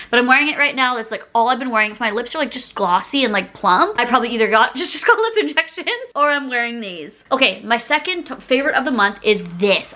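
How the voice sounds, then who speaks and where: Giggly chatty young woman, bright voice. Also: on the high side. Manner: giggly, rambling, self-mocking. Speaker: beauty YouTuber. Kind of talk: casual chat to camera.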